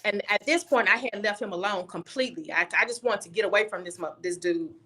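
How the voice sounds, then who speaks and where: Bright-voiced woman telling her story bluntly. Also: mid-range voice, quick pace. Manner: candid, blunt, with frequent restarts. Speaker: guest. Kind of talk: personal storytelling. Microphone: video call.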